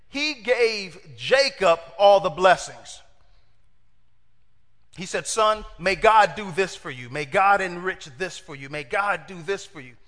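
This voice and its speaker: A middle-aged man preaching a lively storytelling sermon, acting out voices and talking to the congregation. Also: sits high. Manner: lively, acts out quoted voices, talks to the congregation. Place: church hall. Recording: long hall reverb.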